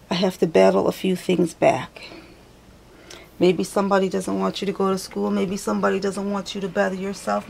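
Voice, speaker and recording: A woman's voice: medium pitch, creaky, darkish tone. A woman giving a casual tarot reading to her viewers, chatty and thinking aloud as she goes, often correcting herself. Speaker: tarot reader.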